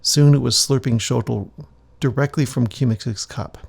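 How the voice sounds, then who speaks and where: A man reading his own comic aloud, narrating and adding relaxed, musing asides. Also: mid-range voice, normal speed, creaky, husky. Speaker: comic author and reader.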